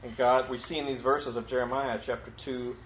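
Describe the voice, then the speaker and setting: A man's voice: medium pitch, flat delivery, fairly quick, muffled recording, a little hiss or hum. A male pastor preaching a conversational sermon, repeating his key points with casual fillers and restarts.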